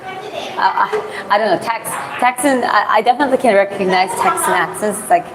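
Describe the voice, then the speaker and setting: Walking outdoors through city streets, a vlogger from Georgia streams live and answers viewers' questions in loose, meandering English full of fillers, spoken as a non-native with a Georgian accent. She speaks at medium pitch and a moderate pace. Crowd noise surrounds her on a rough recording.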